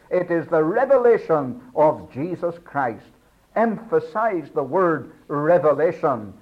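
A man preaching a sermon in an earnest, emphatic way, rising in pitch to stress his points. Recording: dull lo-fi radio sound.

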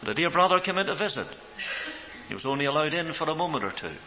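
Man preaching with dramatic, bright swells. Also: sing-song, fast. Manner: dramatic swells in pitch and loudness. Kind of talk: sermon. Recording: dull recording with mains hum.

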